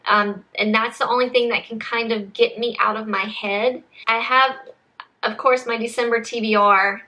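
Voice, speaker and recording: A woman's voice: fairly high pitch, steady tone, moderate pace, sharp tone. A young woman chatting casually to camera as a book vlogger, rambling with frequent restarts and saying y'all.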